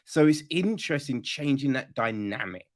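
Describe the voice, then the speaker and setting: Lively-pitched halting man. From Britain. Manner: halting, restarts, laughs easily. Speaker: podcast host. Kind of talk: casual podcast chat.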